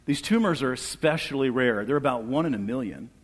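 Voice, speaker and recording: A middle-aged man giving an earnest church testimony, asking for amens and dropping soft and low at tender moments. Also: animated, fairly quick, slightly rough. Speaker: guest speaker sharing testimony. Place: church hall. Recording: long reverb of a large hall.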